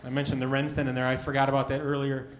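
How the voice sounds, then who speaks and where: A man doing stand-up comedy, loudly riffing with the crowd and swearing freely. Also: mid-range voice, monotone, rapid-fire. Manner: loud, profane, riffing with the audience. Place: comedy club stage. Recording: club audience laughing loudly.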